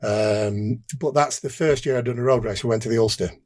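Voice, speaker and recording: A man's voice: medium pitch, a little fast, a little mellow. An older man with a Derbyshire accent, a former racer recounting his career in a rambling, casual way, restarting sentences and acting out dialogue. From England. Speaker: podcast guest, former motorbike racer. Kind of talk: casual interview storytelling.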